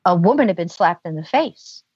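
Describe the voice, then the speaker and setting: A woman's voice: lowish voice, animated, fairly quick, a little mellow, husky, no echo. A woman guest on a podcast, telling a long story in a chatty way and saying "you know" a lot. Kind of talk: casual storytelling. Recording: dull lo-fi dry sound.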